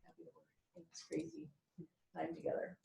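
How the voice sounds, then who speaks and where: A woman's voice: low voice, very animated, brisk, vocal fry, dark tone, reverberant, poor audio. A woman sharing heartfelt, rambling thoughts with a group in a casual call. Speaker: participant in a community dinner call.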